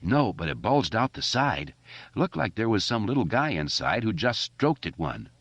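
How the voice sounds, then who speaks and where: A man voicing a quiet, thoughtful boy who explains calmly. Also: on the low side, normal speed, dry recording, pitched above the performer's own voice, full character voice. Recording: dull lo-fi audiobook recording.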